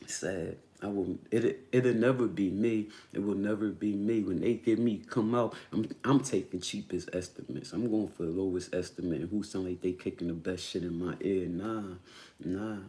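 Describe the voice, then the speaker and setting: A man's voice: low-pitched, darkish tone. A man talking straight to the camera about his home, emphatic and profane, repeating phrases to drive home each point. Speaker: homeowner vlogger. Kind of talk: casual ranting monologue.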